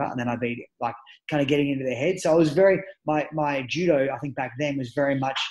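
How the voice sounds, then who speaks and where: A man's voice: mid-range voice, quick pace, poor audio. A man, a judo coach, talking casually and energetically in a podcast interview, with frequent restarts. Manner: energetic, animated storytelling with many restarts. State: a parent at home. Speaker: judo coach and former Olympian, guest.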